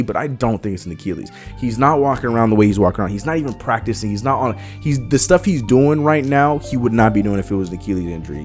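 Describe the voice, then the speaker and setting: A young man hosting a sports channel, ranting in an animated, emphatic way and stretching words out slowly to hammer a point. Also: on the low side.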